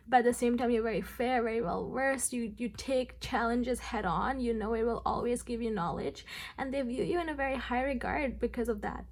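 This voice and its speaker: A woman doing a pick-a-card tarot reading, rambling with many fillers and speaking straight to her viewers. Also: fairly high pitch. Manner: rambling, filler-heavy, addressing viewers directly. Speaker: tarot reader.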